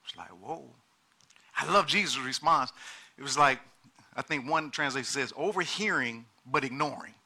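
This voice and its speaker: A man preaching a sermon in an animated way, repeating words and acting out the people he quotes. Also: medium pitch, moderate pace.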